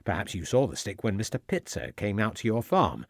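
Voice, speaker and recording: A man doing a shrewd, stern inspector grilling a suspect in an audiobook. He presses firmly and threatens with steady authority, his pitch rising and falling with emphasis. The recording is dry and close. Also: a little fast, no echo. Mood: stern, pressing. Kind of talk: audiobook character voice.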